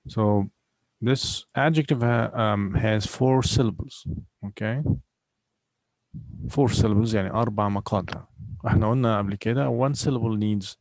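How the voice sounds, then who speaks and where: Gravelly teacher explaining patiently. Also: male voice, fairly low pitch, a little mellow, no room sound, rough recording. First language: Arabic. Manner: patient, explains slowly, repeats words. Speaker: English teacher. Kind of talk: bilingual classroom lesson.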